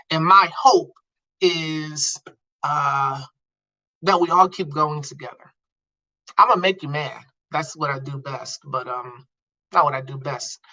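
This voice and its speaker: Middle-aged male boss on a video call, bright tone, animated, repetitive casual delivery. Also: high voice, low-quality recording. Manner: animated, repeats himself, drawn-out phrases. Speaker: agency leader hosting staff video call. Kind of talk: casual staff update.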